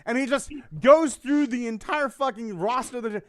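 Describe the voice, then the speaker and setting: A man's voice: very high-pitched, moderate pace, few pauses, no echo, clean studio sound. A man hosting a podcast, rambling through a story with lots of swearing and acted-out quotes. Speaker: podcast host. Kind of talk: casual chat.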